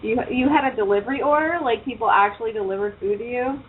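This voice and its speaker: A woman's voice: on the high side, quick pace, breathy edge. Profane, chatty woman radio host. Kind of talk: casual internet radio chat. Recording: tinny phone-like line with faint hiss.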